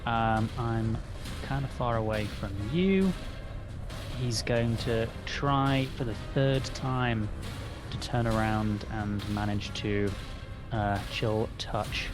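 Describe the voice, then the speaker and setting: A man playing a tabletop game, talking through his character's turn with hesitant fillers. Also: fairly low pitch. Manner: hesitant, many fillers, explains rules. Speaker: player. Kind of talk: tabletop game play over voice chat.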